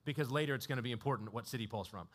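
At medium pitch and a very fast clip, a man preaches in an easygoing, conversational way, telling stories. Frequent chuckles and lots of filler words fill his sermon.

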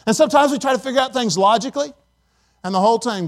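A man's voice: very high voice, fast talker, a bit bright. A middle-aged male pastor preaching a sermon emphatically, calling on the congregation for responses.

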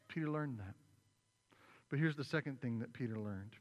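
A pastor preaches in a slightly high man's voice, retelling a story with animated asides. Every phrase trails off in a long reverb, as if in a large sanctuary. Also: normal speed. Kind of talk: sermon.

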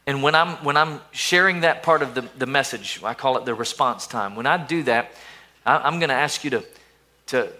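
A middle-aged male pastor preaching in a bright, somewhat high voice. His delivery is loose and conversational. He stumbles over repeated words and drops to a quieter tone to quote inner thoughts. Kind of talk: sermon. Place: church service.

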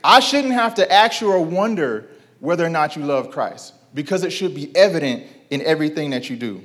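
A man's voice: on the high side, lively intonation, fairly quick, fairly bright tone. A man in his thirties preaching a sermon, talking casually to the congregation, asking questions and repeating key lines. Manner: conversational preaching with rhetorical questions and repetition; call-and-response with congregation. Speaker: pastor.

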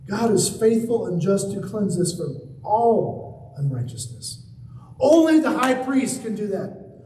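A man preaching a sermon, swinging between lively high passages and hushed low emphasis. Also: slight background noise. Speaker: pastor. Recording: roomy, distant mic with faint ambience.

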